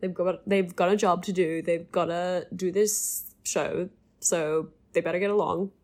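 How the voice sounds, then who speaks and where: A woman's voice: lowish voice, steady tone, unhurried, darkish tone. A woman co-hosting a podcast, chatting casually through a recap with many fillers. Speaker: podcast co-host.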